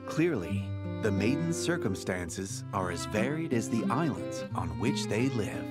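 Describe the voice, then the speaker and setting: A man's voice: lowish voice, sing-song, measured pace. A man narrating a card game in a storybook, second-person style. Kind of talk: scripted narration. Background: game music.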